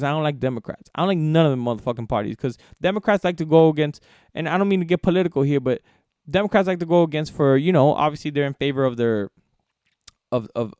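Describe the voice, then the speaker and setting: A man with a smooth, resonant voice rants heatedly through a solo sports podcast. He swears freely and circles back over his own words. The sound is dry and close, with no room around it. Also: fairly high pitch, darkish tone, dry recording. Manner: heated, profane, repeats himself. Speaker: podcast host.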